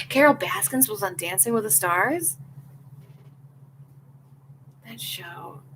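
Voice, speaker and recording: Reacting to live comments, this young podcast host chats frankly and forcefully, frequently mimicking other people's words. She speaks at medium pitch, animated and a little slow, with a fairly bright tone; the rough recording carries slight background noise.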